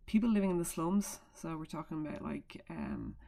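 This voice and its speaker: A woman with a low voice and a gravelly fry running through it teaches a recorded lesson from home. She talks into a computer mic in a chatty way, explaining with fillers and side remarks. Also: wildly swooping pitch, moderate pace, mellow.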